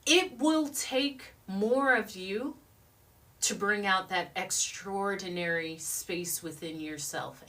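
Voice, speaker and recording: A woman's voice: medium pitch, animated, takes it slowly, bright, forceful tone, far from the mic. A woman giving a motivational talk in a studio, speaking emphatically and repeating affirmations in rhythmic chants.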